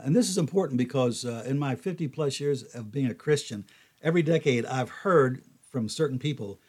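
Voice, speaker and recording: An older man giving a folksy, conversational Bible teaching, animated when he quotes others. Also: mid-range voice, slightly rough.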